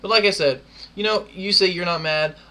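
Bright-voiced young man ranting. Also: high-pitched, a little fast. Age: 20s. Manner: profane, defiant, mocking. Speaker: gaming clan member. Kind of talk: ranting video monologue.

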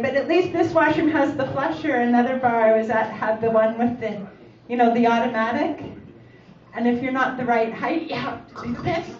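A woman's voice: high voice, darkish tone. A woman in her forties doing a chatty stand-up set in a comedy club, teasing the audience with questions. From Canada. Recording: echoey, distant, muffled club recording. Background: audience laughter and crowd.

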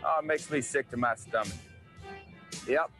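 A man's voice: medium pitch, moderate pace. A man with a Tennessee accent playing a boastful, mocking country-singer wrestler in a twangy promo voice. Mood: cocky boastful. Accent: Southern US (Tennessee). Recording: archival clip with loud guitar music.

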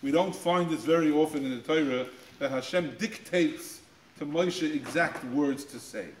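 Man giving a lively Torah talk. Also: normal speed, roomy sound, slight background noise, low-quality recording. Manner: acts out quoted voices with pitch jumps; repeats words while finding phrasing. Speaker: guest speaker. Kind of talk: Torah talk to high school students. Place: school room.

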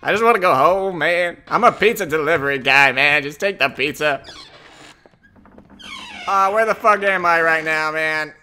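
Jumpy bright-voiced swearing gamer man. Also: on the high side, moderate pace, smooth. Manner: jumpy, swearing, jokey panic. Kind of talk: horror game commentary.

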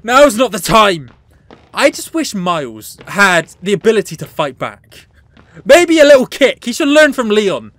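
A woman's voice: medium pitch, unhurried, no room sound. A woman hosting a horror game let's play, jumpy and joking, swearing freely and talking back to the characters on screen. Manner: animated and joking, laughs often. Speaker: gaming channel host.

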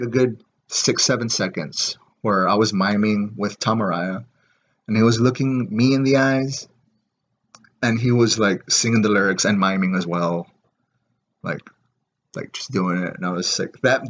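A man telling a story in a rambling, excited way, with lots of fillers and swearing. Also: fairly low pitch, moderate pace, highs cut off. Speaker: vlogger. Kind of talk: casual storytelling.

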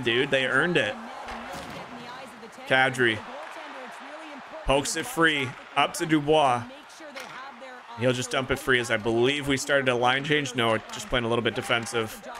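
A young man streaming a hockey video game, calling the plays like a sportscaster and reacting with excited outbursts. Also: mid-range voice. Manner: excitable play-by-play, rising to shouts. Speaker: gaming streamer. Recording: music playing clearly behind.

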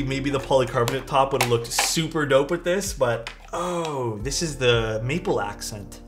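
Man, casual streamer chat, animated swooping pitch, thinking aloud, faint music behind. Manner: thanks chat, muses aloud while unboxing. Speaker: streamer building a keyboard.

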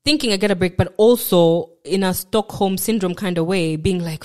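A woman's voice: on the low side, normal speed, hardly any pauses, a little mellow. A woman with a Kenyan accent, frankly and reflectively telling her own story as a podcast guest, with self-deprecating asides. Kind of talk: candid personal storytelling.

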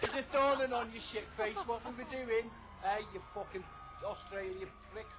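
Taunting high-voiced English gamer. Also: male voice, moderate pace, muffled recording. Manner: taunting, crude. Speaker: online gamer. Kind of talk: heated voice chat. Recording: loud game noise in the background.

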